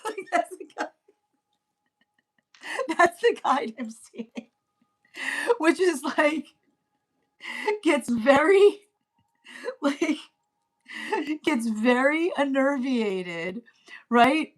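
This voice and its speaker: Woman tarot reader, halting and repetitive delivery with many fillers, turns lively as she goes. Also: high voice. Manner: grows animated and laughing. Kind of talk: spoken intuitive reading.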